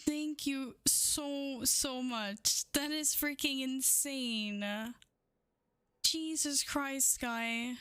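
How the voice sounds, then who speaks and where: A woman streamer talks into a studio microphone with a high, bright, sharp-edged voice. She drags her words out slowly, shaking with excitement as she swears and gushes thanks. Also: no room sound. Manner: stunned, gushing thanks with frequent swearing and laughter. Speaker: livestreamer. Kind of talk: casual stream chat. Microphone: studio microphone with windscreen.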